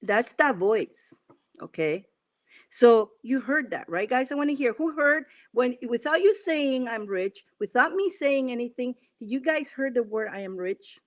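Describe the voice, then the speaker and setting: This woman's voice sits on the high side, with lively intonation and a measured pace. Acting as a spiritual coach live, she repeats gentle, coaxing directions as she walks listeners through affirmations.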